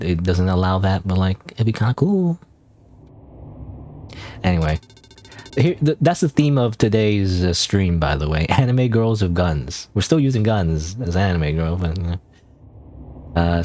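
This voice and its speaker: A man's voice: sits low, darkish tone, slight background noise. A man streaming a game, thinking aloud in casual commentary with many restarts and hesitations.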